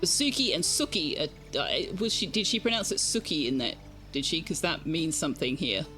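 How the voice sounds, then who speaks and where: An Australian woman chats her way through a game stream, words clearly enunciated and a light chuckle never far away. Her voice is bright, and faint music plays underneath. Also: low voice, lively intonation, normal speed. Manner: chatty, enunciates carefully, chuckles often. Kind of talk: casual gaming stream chat.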